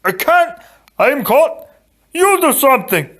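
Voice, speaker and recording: Storybook giant: huge, simple, gentle, childlike insistence, pitched high, voiced by a man. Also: lively intonation, unhurried. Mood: frantic pleading. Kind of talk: audiobook character reading.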